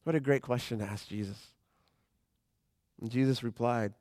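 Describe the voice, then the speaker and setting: A man's voice: medium pitch, moderate pace, long pauses, a little mellow, no room sound, clean studio sound. A man preaching a sermon as a pastor, talking in a conversational way and acting out the voices he quotes.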